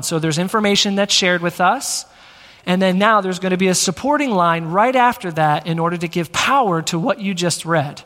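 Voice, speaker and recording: A man with a high voice delivers a teaching sermon from a church sanctuary. His delivery is energetic and conversational, addressed straight to the people in front of him. Long reverb from the large hall trails after every phrase. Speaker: pastor.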